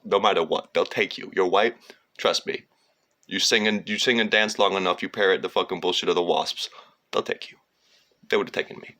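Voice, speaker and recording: Low gravelly man, sharp bright edge, rambling and profane, loose monologue. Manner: digressive, profane, slips into sung lines and mocking voices. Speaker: storyteller.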